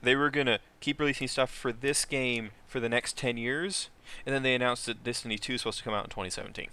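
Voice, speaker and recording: A man co-hosting a podcast in casual banter, with a bright, forward voice at an ordinary pitch. He tells stories in an animated, ranting way. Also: quick pace, clean tone. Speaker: podcast co-host. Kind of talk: casual chat.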